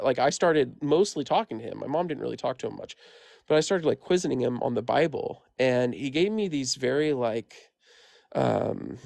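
Gravelly-voiced man telling a story. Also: mid-range voice, darkish tone, dry recording. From Midwestern United States. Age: 30s. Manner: rambling, heavy use of "like" and "um" fillers. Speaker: caller sharing a paranormal story. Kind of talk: casual spoken storytelling.

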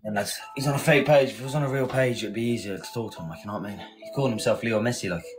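An English man hosts a casual live stream, talking rapid-fire in a mid-range voice as he chats, thanks viewers and rallies his team. Loud music plays behind him, and the recording quality is low.

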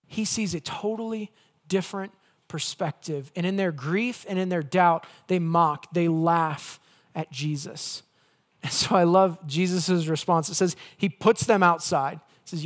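A male pastor preaching a conversational sermon with playful asides, swinging between loud emphasis and hushed, gentle lines. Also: fairly high pitch, measured pace.

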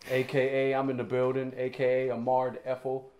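A man's voice: mid-range voice, completely flat delivery, normal speed, a little mellow, a little hiss or hum. A man chatting as a podcast guest, laid-back and full of easy fillers. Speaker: guest, musician and actor. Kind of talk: casual chat.

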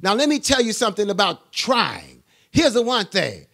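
An older man, a bishop, preaching a sermon into a handheld mic in a church with call-and-response, often rising to a shout. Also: sits high, huge pitch swings, normal speed, vocal fry.

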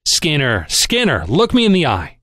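A man's voice: on the high side, huge pitch swings, moderate pace, a bit bright, dry recording, studio quality. A man voicing a crusty, shrewd old shipping magnate who barks and chirps by turns, in an audiobook reading. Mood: scolding. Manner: barking, chirpy and teasing by turns.

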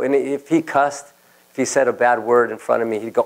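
Heard through a low-quality recording, this man speaks at medium pitch and a normal speed. He is a pastor delivering a sermon, weaving in personal anecdotes and performing the voices of the people he quotes.

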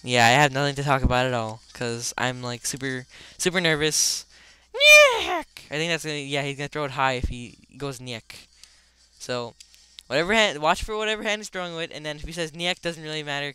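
A man's voice: medium pitch, brisk, smooth. A young man casually commenting on a video game, rambling with lots of fillers and bursting out now and then. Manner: excitable outbursts. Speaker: let's play gamer.

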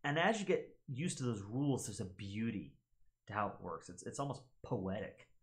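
A man's voice: lowish voice, lively intonation, normal speed. A young American man hosting a gaming channel, casually explaining things in a teacherly way and checking in with the listener. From United States.

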